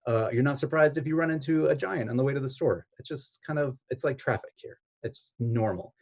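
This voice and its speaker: Brief: easygoing male author, mid pitch, playful asides, dull audio. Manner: playful, self-deprecating, halting. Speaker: children's author. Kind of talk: reading own story and talking on an online event.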